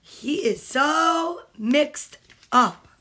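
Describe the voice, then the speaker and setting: A woman's voice: high voice, very slow, bright, forceful tone. Playful woman reading to kids. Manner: playful and chatty, talking to kids at home. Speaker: storytime host. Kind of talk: reading picture books aloud to children. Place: at home.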